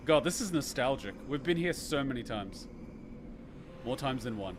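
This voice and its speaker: A man giving casual reaction commentary on a game, excitable, joking and profane. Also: mid-range voice, normal speed, noisy background.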